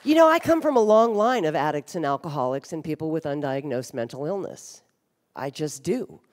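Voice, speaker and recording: A woman in her fifties, low-voiced with big pitch swings and normal speed, gives a frank, wry, funny talk about her own life at a recovery conference, swearing bluntly at times. She's on a large hotel ballroom stage; the sound is reverberant, with some chatter behind her.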